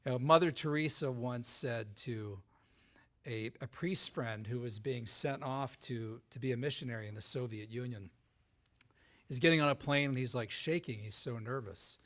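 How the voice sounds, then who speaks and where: A man giving a live talk as a guest author to an audience, lively, with many restarts, often asking "right?". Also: medium pitch, moderate pace.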